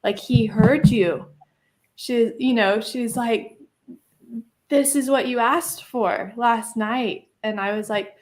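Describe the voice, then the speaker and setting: A woman's voice: a little high, steady tone, takes it slowly. A woman telling a personal story in a casual interview, chatty, laughing often and using lots of fillers. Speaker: guest.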